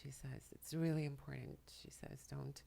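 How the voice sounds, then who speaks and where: A tearful woman at home, speaking to the camera in a soft, halting way while relaying messages, often dropping to a whisper. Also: very deep voice, fairly even intonation, creaky. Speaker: spiritual channeler and makeup vlogger. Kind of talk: emotional channeling talk to camera. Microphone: camera mic, speaking to the camera.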